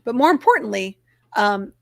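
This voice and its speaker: A woman's voice: medium pitch, big pitch swings, moderate pace, vocal fry, no echo, clean studio sound. A woman hosting a casual livestream, chatty and upbeat, talking through each click as she shares her screen. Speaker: livestream host for a dog rescue community.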